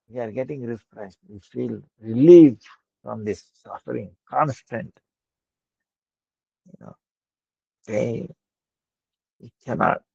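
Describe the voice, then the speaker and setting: Slow, gravelly male preacher. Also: medium pitch, darkish tone, dry recording. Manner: folksy, chuckling storyteller. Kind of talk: devotional storytelling sermon. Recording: dull lo-fi dry recording.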